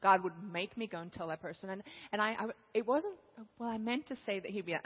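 A woman preacher telling stories with animated, laughing delivery during a sermon. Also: medium pitch, quick pace, few pauses, slightly rough. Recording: dull, echoey hall.

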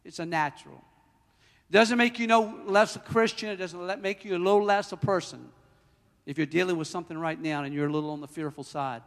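A man preaching a sermon as pastor, emphatic, swinging between loud declarations and hushed, personal storytelling. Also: high voice, fairly quick, long reverb tail.

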